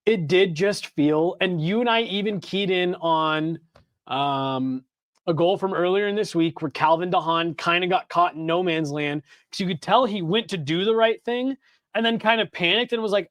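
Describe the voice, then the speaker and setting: A man co-hosting a sports podcast, chatting casually in a rambling, animated way with plenty of fillers and restarts. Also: high voice, normal speed, no echo, studio quality. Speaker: podcast co-host. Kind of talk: casual hockey podcast chat.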